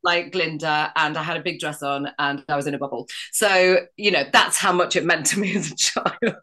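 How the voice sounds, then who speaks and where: A woman's voice: deep voice, moderate pace, bright, forceful tone. A middle-aged woman stage actress chatting as a podcast guest, enthusiastic and full of asides and restarts. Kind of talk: casual podcast chat.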